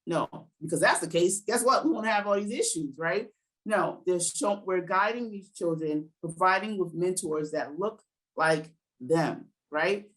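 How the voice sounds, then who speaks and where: A woman in her forties with a New Jersey accent, talking fast and animated as a guest educator in a podcast interview. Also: on the low side, poor audio.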